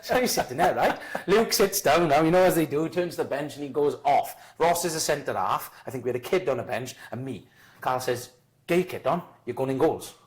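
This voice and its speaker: A man's voice: fairly high pitch, fairly quick. Swearing South Welsh man telling a story. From Wales. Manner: swearing, animated anecdote teller acting out dialogue. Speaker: podcast guest, goalkeeper. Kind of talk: casual storytelling chat.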